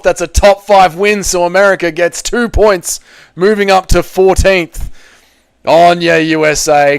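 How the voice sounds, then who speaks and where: Smooth-voiced Australian man, chatty streamer. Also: on the high side, lively intonation, moderate pace, no room sound, soft background music. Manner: rambling, jokey, swears casually. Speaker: livestream host reading chat. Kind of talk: casual live-stream chat.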